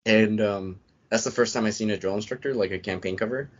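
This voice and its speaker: A man's voice: lowish voice, brisk. A man on a podcast as a guest, retelling his story in a casual, rambling way with lots of "I'm like" asides. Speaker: podcast guest, Marine veteran. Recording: dull lo-fi podcast audio.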